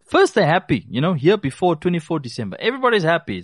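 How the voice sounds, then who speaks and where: A man's voice: fairly high pitch, huge pitch swings, quick pace, few pauses, no echo, studio quality. A man giving consumer advice, talking directly to listeners and repeating key phrases for emphasis. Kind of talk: casual advice talk to listeners.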